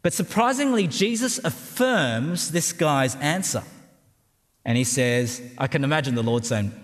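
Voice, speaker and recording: Preaching a sermon with an Australian accent, this man speaks in a fairly high, animated, unhurried voice. The pastor keeps things conversational and funny, joking and often checking in with the crowd through frequent tag questions. A long hall reverb colors the recording.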